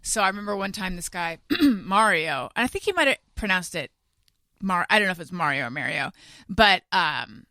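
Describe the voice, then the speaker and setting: A woman's voice: on the low side, sing-song, moderate pace, pushed and bright, no echo. A woman telling chatty anecdotes in a casual podcast conversation. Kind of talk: casual storytelling.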